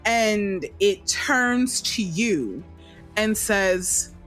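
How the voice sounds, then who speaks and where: A woman running a tabletop game as dungeon master, narrating slowly in a casual, descriptive way. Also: medium pitch, expressive, fairly bright tone, soft background music. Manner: slow, descriptive, casual swearing.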